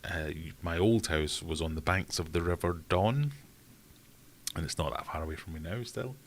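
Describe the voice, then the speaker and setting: A man's voice: deep voice, normal speed, slight background noise. A man from Sheffield, hosting a casual livestream and chatting in a rambling way while answering viewer questions. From Sheffield, England. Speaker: livestream host.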